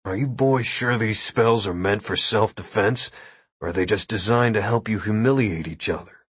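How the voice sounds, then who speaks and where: Dry, skeptical grown man, read by a male narrator; quick, husky, a bit quieter. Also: lowish voice, no echo. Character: skeptical, level-headed newcomer man.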